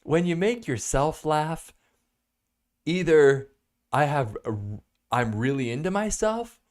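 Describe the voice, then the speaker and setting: Animated chatty male reviewer. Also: a little high, slow pace. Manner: animated, chatty, laughs at his own jokes. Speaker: product reviewer hosting a live broadcast. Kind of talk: casual live-stream chat.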